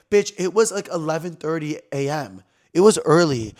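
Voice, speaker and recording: A young man hosting his own podcast, telling a story in an animated, slangy, gossipy way, often jumping between loud and soft. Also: a little high. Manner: animated, slangy and gossipy, with quick swings in loudness. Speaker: podcast host. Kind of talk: casual storytelling chat.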